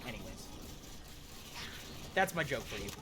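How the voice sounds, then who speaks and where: A man's voice: on the low side, big pitch swings, unhurried, loud music behind the voice. A young man streaming a game, telling a long joke in a rambling way and acting out the people in it. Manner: rambling joke-teller, acts out quoted voices. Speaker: gaming streamer. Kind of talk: casual storytelling while playing.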